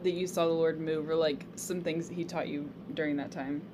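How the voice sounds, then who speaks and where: A young woman hosting a casual faith chat, expressive and quick to react with exclamations. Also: deep voice, slight background noise.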